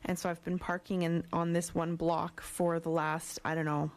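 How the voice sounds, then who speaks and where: A woman hosts a radio show and chats in a relaxed, casual way. Her voice sits a little low, and she often restarts her sentences mid-thought. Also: normal speed. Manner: chatty, hesitant restarts. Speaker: radio host.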